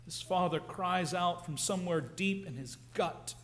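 A man preaching a sermon, earnest and reflective, often dropping to a hush on key phrases. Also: sits high, measured pace.

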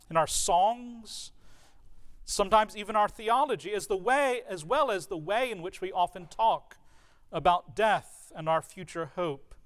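High-voiced man preaching an earnest sermon. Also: fairly bright tone, smooth. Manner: earnest, emphatic preaching with rhetorical questions. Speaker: pastor.

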